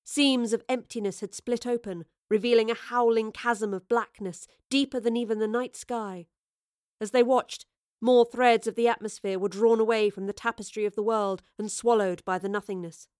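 A woman narrating a fantasy audiobook in a steady, expressive storytelling voice. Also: fairly high pitch, moderate pace, dry recording, clean studio sound. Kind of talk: scripted narration.

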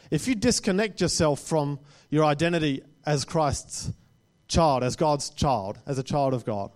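Guy preaching to his church, chatty and relaxed, keeps saying "right?", slightly high voice. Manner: conversational, often tags lines with "right?". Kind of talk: sermon to a live congregation.

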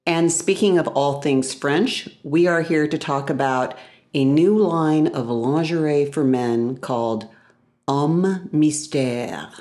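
A woman hosting a casual talk show, chatty and quick to laugh. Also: low-pitched, darkish tone. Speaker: podcast host. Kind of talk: casual chat.

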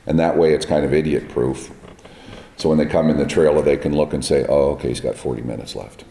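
A man with a very deep, dark, raspy voice tells blunt stories from film sets. He is recorded in an echoey hall with a long reverb tail. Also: fairly even intonation, fairly quick, a little hiss or hum. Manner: plain-spoken, blunt, tells set stories. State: raspy from smoke on set. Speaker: guest, film makeup artist. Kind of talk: casual interview chat. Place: large echoey room at a trade event.

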